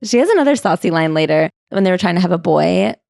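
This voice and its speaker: Animated woman retelling a story. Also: lowish voice, quick pace, creaky, dry recording, clean studio sound. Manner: animated storyteller, acts out quotes. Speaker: podcast co-host. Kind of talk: casual book club chat, retelling a memoir.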